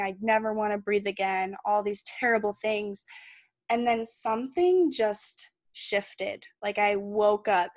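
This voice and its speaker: A woman's voice: mid-range voice, no echo. A young woman, a podcast guest, earnestly recounting a personal story in candid, plain words.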